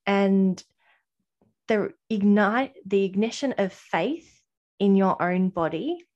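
A woman's voice: medium pitch, slow, highs cut off. A woman talking earnestly in a podcast conversation, reflective and personal, voicing her past inner thoughts as quotes.

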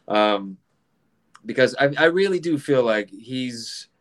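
A man's voice: mid-range voice, animated, slow. A middle-aged man and comedian chatting casually, rambling with profanity, laughing often and acting out quoted exchanges. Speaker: comedian, group admin. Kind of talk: casual podcast chat.

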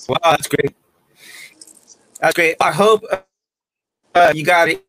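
A man hosts a casual conversation, asking questions in a chatty, joking way and tripping over his words now and then. His voice sits a little high, and the sound is dry and close. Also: fairly even intonation, slow, fairly bright tone, no room sound, rough recording. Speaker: host.

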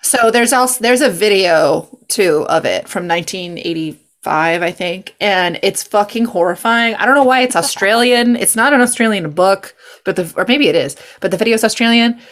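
Speaking at a moderate pace with hardly any pauses, a young woman from California hosts a podcast in a mid-range voice. Her casual chat is giggly and rambling, stuffed with fillers and asides.

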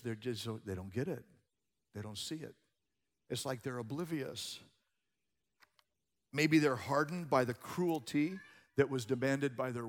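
A man preaching a sermon as a pastor, moving between hushed passages and loud, emphatic ones. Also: medium pitch, big-room sound.

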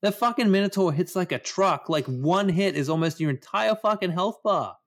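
A man's voice: high-pitched, lively intonation, normal speed. A man ranting about a video game in casual chat, swearing often. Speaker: podcast co-host.

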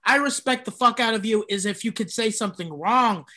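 A male stand-up comedian telling heckler stories in casual chat, animated and swearing, often breaking into laughter. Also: high-pitched, fairly quick.

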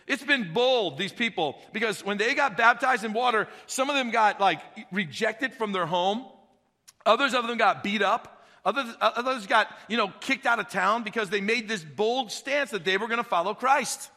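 A man preaching a sermon, telling the story with animated energy and acting out the dialogue. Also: sits high, moderate pace. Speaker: pastor. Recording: long hall reverb.

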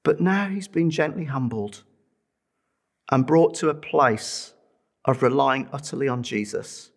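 A man's voice: mid-range voice, a little slow. A middle-aged man preaching a sermon, telling a personal testimony with earnest feeling and pleading with listeners to respond.

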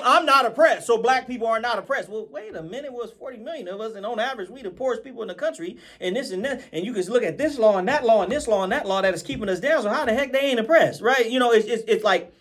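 A man preaching an informal Bible study with animated delivery. He keeps repeating phrases, asks his listeners "right?" and slows down when he reads scripture. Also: high-pitched.

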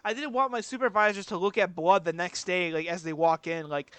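A man's voice: high voice, steady tone, a little fast, hardly any pauses, fairly bright tone, clean tone, dry recording. A young man co-hosting a podcast, telling a rambling story with casual swearing. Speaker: podcast co-host. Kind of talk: casual chat.

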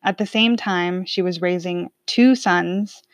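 A woman's voice: on the low side, slow, dry recording. A woman telling a personal story in a casual, candid and reflective way, with some swearing.

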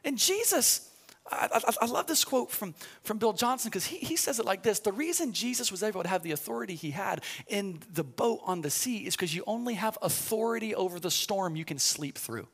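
A male pastor with a very high, bright voice, preaching a sermon. He tells the story conversationally, restarting sentences with repeated words, then climbs into loud, shouted preaching. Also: expressive, a little fast, slightly rough.

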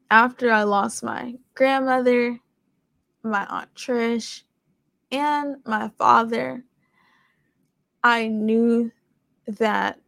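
Young woman host, raspy fry in a slightly high voice, chatty and rambling, dry close sound. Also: fairly bright tone, no room sound. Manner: conversational, rambling, with many fillers. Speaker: podcast host. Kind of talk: casual faith testimony.

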